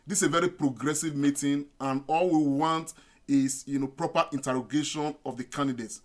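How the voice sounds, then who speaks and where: A Nigerian man hosts a video-call meeting, chatting loosely with plenty of fillers. His voice sits slightly high for a man. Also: steady tone, brisk. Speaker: meeting host. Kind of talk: online meeting moderation.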